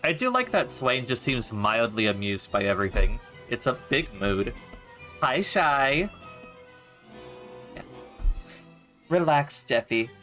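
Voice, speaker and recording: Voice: medium pitch, sing-song, slow, long pauses, pushed and bright. A game streamer chatting offhandedly with viewers while playing. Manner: offhand, chatty asides to chat. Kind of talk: casual let's-play commentary. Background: game music.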